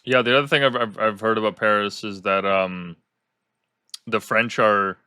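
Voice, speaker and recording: A man hosting a casual interview podcast, telling animated stories and acting out the people he quotes. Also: lowish voice, normal speed, clear, resonant tone, dry recording, clean studio sound. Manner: animated storyteller who acts out quoted people. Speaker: podcast host.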